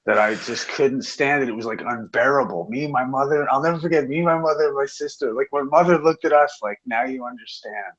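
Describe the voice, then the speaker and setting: Rambling, husky-voiced man, lo-fi audio. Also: mid-range voice, quick pace, hardly any pauses. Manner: profane, rambling, filler-heavy. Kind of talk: casual chat. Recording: dull lo-fi audio.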